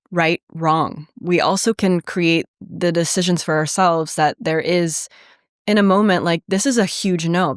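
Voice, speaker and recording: A woman hosting a podcast interview, asking reflective, searching questions with soft fillers. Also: on the low side, clean tone, no room sound, studio quality. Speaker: podcast host. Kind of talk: conversational interview.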